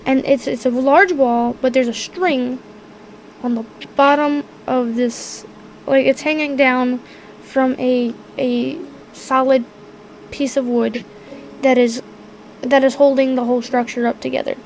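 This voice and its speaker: A woman's voice: sits high, fairly even intonation, measured pace, slight background noise, low-quality recording. A woman narrating as game master in a tabletop game, hesitant, often searching for words.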